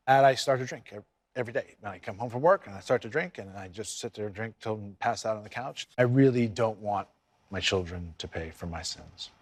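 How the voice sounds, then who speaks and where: A man speaking candidly as an interview guest, halting and reflective, often restarting his sentences. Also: on the low side, no echo.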